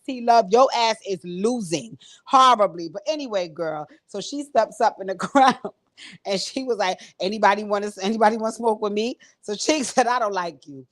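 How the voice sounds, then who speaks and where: A woman hosting her own channel, recapping a reality show in a blunt, profane, animated style, laughing often and talking straight to her viewers. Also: a little high. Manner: frequent laughs and direct address to viewers. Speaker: host.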